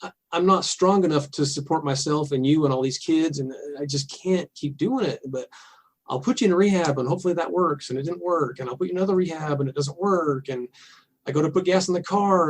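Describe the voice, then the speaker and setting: A middle-aged man, a podcast guest, telling a candid personal story in a halting, earnest way with soft laughs. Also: a little high.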